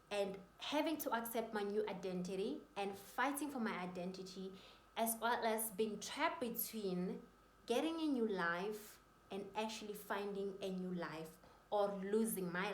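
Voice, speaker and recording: A woman's voice: mid-range voice, a little hiss or hum. A woman vlogger telling her personal story in an earnest, emotional and faith-filled way. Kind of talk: personal testimony. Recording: roomy echoey room.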